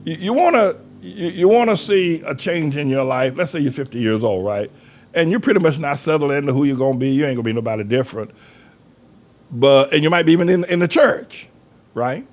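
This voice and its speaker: A man's voice: fairly high pitch, expressive, fairly quick. An older man preaching a folksy sermon as pastor, from North Carolina, acting out quoted voices as he talks.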